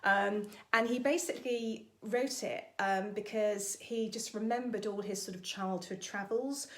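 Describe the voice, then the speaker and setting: A woman's voice: medium pitch, fairly even intonation, measured pace. A woman vocal coach, leading an online singalong lesson in a chatty, encouraging way. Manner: encouraging, chatty, sings warm-up exercises.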